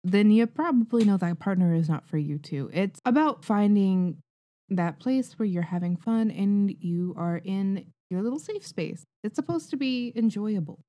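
A woman's voice: medium pitch, animated, normal speed, warm tone. A woman co-hosting a casual podcast, giving frank, reassuring advice. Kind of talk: casual group chat.

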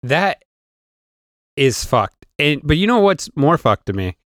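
A man co-hosting a casual podcast chat, rambling and cursing, with halting restarts. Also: fairly high pitch, sing-song, fairly bright tone, no echo. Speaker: podcast co-host.

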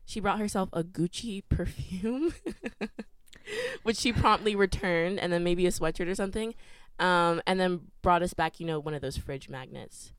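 A woman's voice: on the low side, lively intonation, moderate pace, clear, resonant tone, no echo. A young woman co-hosting a podcast, telling a travel story in a chatty way with lots of "like". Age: young adult. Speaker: podcast co-host. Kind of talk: casual chat.

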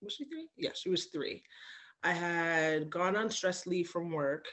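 A woman guest on a podcast, telling personal stories in a candid, animated way with frequent fillers. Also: fairly low pitch, a little slow. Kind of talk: candid conversational storytelling.

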